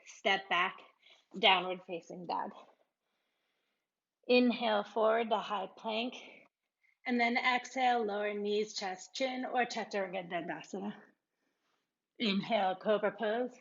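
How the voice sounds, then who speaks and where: Slow-paced woman cueing yoga poses. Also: mid-range voice, vocal fry, dull audio. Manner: cueing poses in short calm phrases, laughing at herself. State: slightly out of breath. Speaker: yoga instructor. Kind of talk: guided yoga class instruction.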